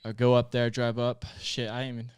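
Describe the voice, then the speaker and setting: A man's voice: mid-range voice, monotone, brisk, clear, resonant tone. A man in his late twenties from Utah, a podcast guest telling a personal story in casual conversation, candid and plainspoken, with frequent swearing. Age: late 20s.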